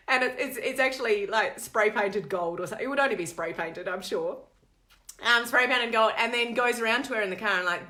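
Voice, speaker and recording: Bright-voiced woman coach chatting live. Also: fairly high pitch, brisk. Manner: animated, digressive storytelling. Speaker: network marketing coach. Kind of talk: live-stream chat to viewers.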